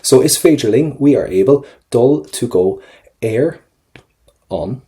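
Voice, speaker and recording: Irish woman tutor, low mellow voice, says a phrase then translates it over and over. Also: animated, a little slow. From Ireland. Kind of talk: explaining vocabulary step by step.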